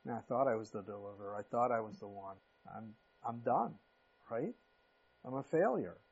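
A preacher voicing a defeated Moses. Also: male voice, lowish voice, expressive, moderate pace, darkish tone, husky, pitched below the performer's own voice. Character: discouraged older man Moses, self-doubting. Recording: muffled lo-fi recording.

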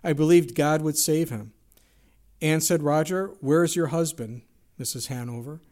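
A man with a voice on the high side and a darkish tone preaches a sermon at normal speed. He tells an illustrative story earnestly, quotes scripture, and poses rhetorical questions.

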